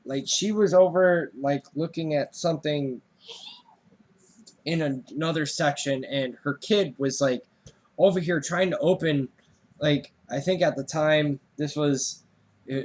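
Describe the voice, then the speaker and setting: Young male co-host, slightly high voice, loose profane storyteller. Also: unhurried, slight background noise. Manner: animated storyteller, swears, voice jumps up when reenacting. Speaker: podcast co-host. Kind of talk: casual storytelling chat.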